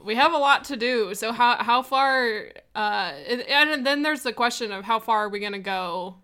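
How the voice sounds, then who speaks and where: Young woman, casual podcast chat, bright and a little high, loose and chatty. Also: moderate pace, clean tone. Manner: chatty, with many fillers and laughs. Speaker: podcast player asking listener questions.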